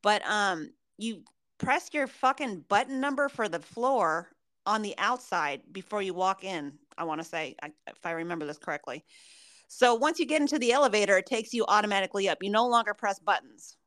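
A woman's voice: medium pitch, lively intonation, a little fast, fairly bright tone, dry recording. A woman co-hosting a podcast in casual chat, rambling through stories and swearing freely. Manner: profane, rambling storyteller. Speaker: podcast co-host.

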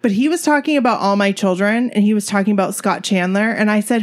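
A woman's voice: medium pitch, expressive, a little fast, few pauses. A woman co-hosting a casual podcast, chatting with a friend. She talks in a loose, self-deprecating way, with plenty of fillers. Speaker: podcast co-host. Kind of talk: casual chat.

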